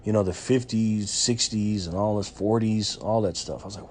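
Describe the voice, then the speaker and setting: A man's voice: on the low side, steady tone, moderate pace, a little mellow, slight background noise. A man from New York, vlogging as he tells a chatty story with lots of fillers and restarts. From Rochester, New York. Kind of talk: casual storytelling.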